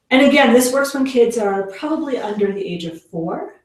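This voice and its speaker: A woman's voice: on the high side, lively intonation, normal speed, hardly any pauses. A woman giving a casual workshop talk to parents as a parenting educator, chatty with lots of fillers and acting out the lines she quotes. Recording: very echoey room, mic far off.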